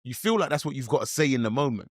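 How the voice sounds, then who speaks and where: Man, co-host, blunt emphatic banter, expressive pitch, dry close mic. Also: rapid-fire, no room sound. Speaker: podcast co-host. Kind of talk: casual banter.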